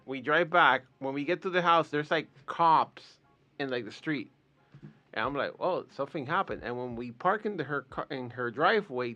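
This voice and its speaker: Animated, profane man telling stories. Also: fairly high pitch, dull audio. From Puerto Rico. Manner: profane, animated storytelling with acted quotes. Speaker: podcast guest. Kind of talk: casual storytelling.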